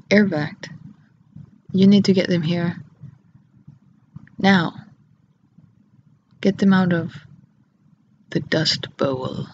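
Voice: medium pitch, creaky, dull audio, a little hiss or hum. A vlogger rambling in an erratic, giggly way, cracking crude jokes to the camera. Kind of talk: rambling solo vlog talk.

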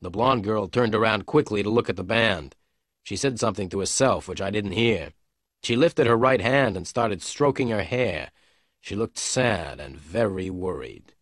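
A man reading a detective story aloud in clear, measured narration for English learners. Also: fairly low pitch, expressive, no echo, clean studio sound. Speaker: audiobook narrator.

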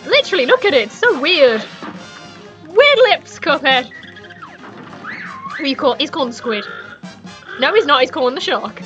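A young woman commentating a video game as she plays, excitable and swearing, with loud outbursts. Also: high voice, moderate pace, pauses often, muffled recording, soft background music. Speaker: gaming streamer. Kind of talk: let's play commentary. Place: home room.

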